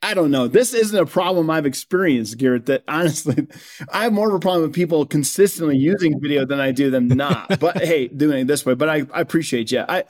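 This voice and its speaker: Energetic persuasive man on a podcast. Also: on the high side, brisk. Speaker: guest, company co-founder. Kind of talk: podcast conversation.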